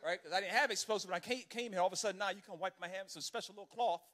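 High-voiced preacher telling a lively story. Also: male voice, very fast. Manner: animated, conversational, keeps asking "right?". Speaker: pastor. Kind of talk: sermon storytelling.

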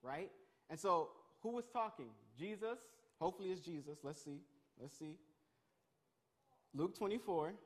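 A man leading an interactive Bible lesson, energetic and calling on his listeners. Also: high voice. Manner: energetic, calls on the crowd, quick restarts. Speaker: youth pastor.

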